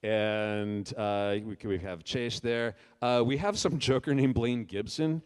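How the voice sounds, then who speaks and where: A man's voice: mid-range voice, clean tone. A man hosting a convention panel as director, talking casually with frequent fillers and restarts. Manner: halting, full of filler words and restarts.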